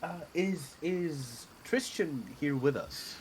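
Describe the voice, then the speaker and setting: A man's voice: a little high, expressive, slow pace, a little hiss or hum. A man playing a tabletop game, chatting casually in a hesitant, restart-prone way. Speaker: player.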